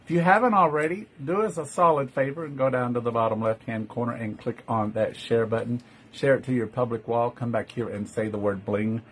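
A man's voice: medium pitch, steady tone, a little fast, few pauses, slightly rough. A man with a Texan accent hosting a live-stream jewelry sale, chatty, greeting viewers by name and calling them love. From Texas. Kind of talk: live-stream sales chat.

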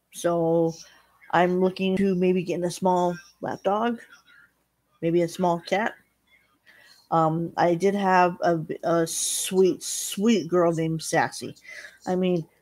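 A middle-aged woman chatting casually to her viewers, telling a halting, rambling story full of restarts. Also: fairly low pitch, darkish tone. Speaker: vlogger. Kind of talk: casual chat.

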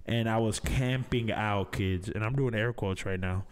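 A man's voice: fairly low pitch, normal speed. A man hosting a podcast in casual chat, laid-back and swearing freely, calling people baby and man. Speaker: podcast host.

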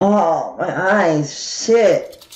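Erratic, swearing male streamer; slow talker, roomy noisy room. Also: high-pitched, lively intonation, lo-fi sound. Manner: loud, profane, erratic screaming and laughing. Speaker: game streamer. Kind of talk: live streaming commentary.

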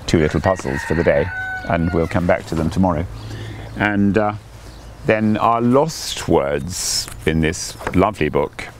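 An older man, a priest leading morning prayer outdoors in a garden, talking gently and chattily with a few fillers. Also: deep voice, a little slow, a little hiss or hum. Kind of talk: gentle devotional talk. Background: faint birdsong.

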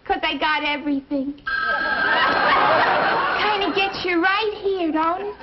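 Brief: loud, very high, slangy young receptionist; hissy old TV audio. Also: female voice, measured pace, over a noisy crowd. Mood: gushing. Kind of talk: 1950s sitcom acting. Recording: dull, hissy old TV soundtrack.

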